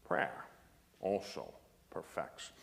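A man speaking as a priest giving a spiritual lecture, emphatic and anecdotal with dry humor. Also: very slow. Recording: long hall reverb.

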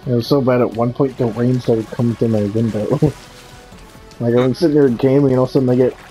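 A man's voice: mid-range voice, fairly even intonation, fast, faint music behind, poor audio. A man chatting casually while playing a game with a friend, laughing and swearing often. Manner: laughing, swearing, yelling in bursts. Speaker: gamer. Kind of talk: casual gameplay chat.

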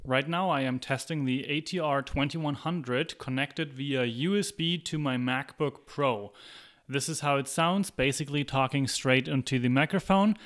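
A man's voice: mid-range voice, moderate pace, fairly bright tone, dry recording. A man methodically demonstrating microphones indoors, narrating each step as he talks into handheld and desk mics from changing distances. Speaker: video creator testing microphones. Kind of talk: explanatory gear demonstration. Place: indoor room.

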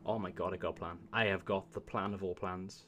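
Excitable swearing man in his twenties. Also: low-pitched, brisk. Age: 20s. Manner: excitable, swearing, chatting to himself. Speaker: let's play host. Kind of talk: live gameplay commentary.

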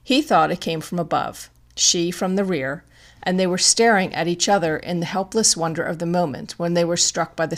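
Measured woman reading a classic mystery. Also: fairly low pitch, creaky. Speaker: audiobook narrator. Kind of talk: scripted narration.

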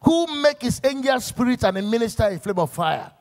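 A man's voice: extremely high pitch, very animated, fairly quick, a little mellow. A man, a pastor preaching a sermon to church workers in a church, emphatic as he weaves stories and scripture quotes.

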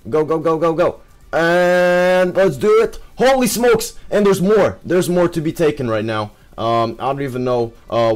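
A young man giving excitable live commentary over his own gameplay, full of exclamations and fillers. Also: medium pitch.

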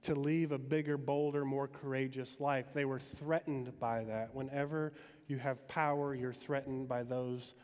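A man from Metro Detroit giving a relaxed, conversational sermon as a chapel speaker at a university, with frequent ums. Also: medium pitch, measured pace. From Metro Detroit, Michigan, US. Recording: long hall reverb.

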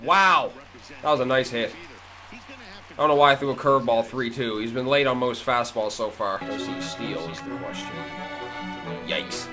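A man hosts his own gaming video, commentating live with excitable, profane outbursts that swing from low mutters to sudden yelps. He speaks at a moderate pace with long pauses, and game music plays in the background.

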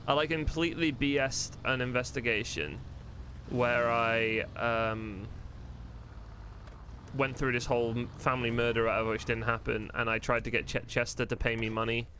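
A man streams a roleplay game live from home, chatting loosely with viewers, swearing freely and thinking out loud as he plays. His medium-pitched voice is bright and forceful, with a little hiss or hum.

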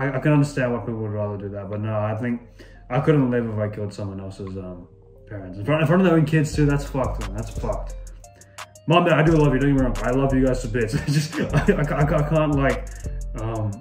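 A man's voice: medium pitch, darkish tone. Casual young Australian man, roomy sound. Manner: casual and chatty, swears often, says "bro" a lot. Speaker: YouTuber. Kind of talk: casual vlog answering would-you-rather questions.

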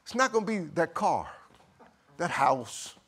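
A male pastor reads scripture during a sermon in a measured, sing-song cadence. He swings from quiet, low passages to loud, high bursts.

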